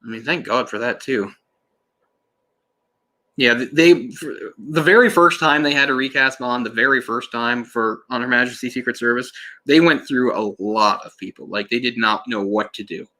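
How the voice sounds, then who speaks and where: A man with a mid-range, bright and forceful voice speaks at a moderate pace while rambling through live commentary on a film. He keeps self-correcting and restarting, and laughs and swears in passing.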